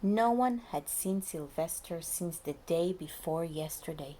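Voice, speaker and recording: A preschool teacher reads a picture book aloud to young children in a lively way, often dropping to a soft whisper to speak to them. Her voice is fairly low in pitch and a little slow.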